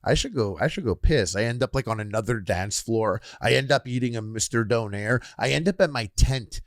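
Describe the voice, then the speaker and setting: Animated swearing man telling a story. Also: medium pitch, fairly quick, no room sound, studio quality. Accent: Canadian. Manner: animated, swearing, acts out quoted people. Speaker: podcast co-host. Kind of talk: casual storytelling chat.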